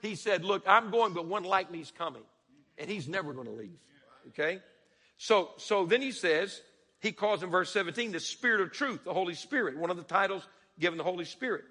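Man, sermon, bright, husky, dramatic questions, soft drops, church with long echo. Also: sits high. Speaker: preacher.

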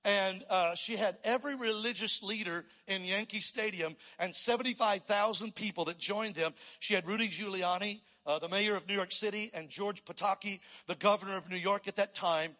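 A pastor preaching a sermon to a church crowd, rising to loud emphatic calls and getting the crowd to respond. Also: male voice, high-pitched, moderate pace, few pauses, long reverb tail. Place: large church.

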